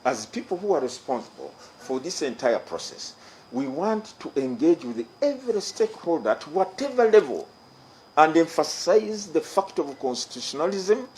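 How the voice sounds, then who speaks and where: A man's voice: on the high side, a little mellow, slight background noise, poor audio. Formal Ugandan man addressing the press. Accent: Ugandan English. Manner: formal, emphatic, repeats key phrases. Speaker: electoral commission chairman. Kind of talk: press conference statement.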